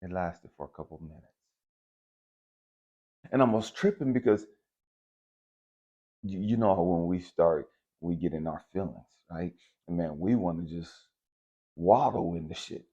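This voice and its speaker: A man's voice: low-pitched, measured pace, pauses often, mellow, dull audio. A man talking candidly and confessionally to viewers, swearing freely as he works through forgiveness. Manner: candid, profane and confessional, addresses viewers directly. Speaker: spiritual vlogger. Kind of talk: casual spiritual monologue.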